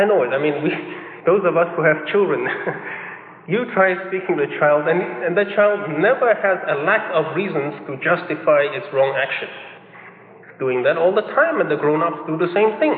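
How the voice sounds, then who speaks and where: Animated preacher man in an echoey hall. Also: a little high, normal speed. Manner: animated, acts out quoted excuses in raised voice. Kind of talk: sermon. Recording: echoey hall over a tinny lo-fi line.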